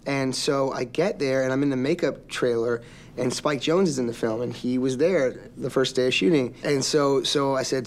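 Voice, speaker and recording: A man, an actor as an interview guest, telling stories in a relaxed way with frequent ums. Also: mid-range voice, moderate pace. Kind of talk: interview anecdotes.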